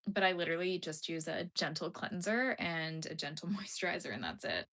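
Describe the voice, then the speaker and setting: A woman's voice: lowish voice, animated, brisk, a bit bright. A young adult woman chatting casually on a live stream while she crochets, answering viewer comments and murmuring to herself as she works.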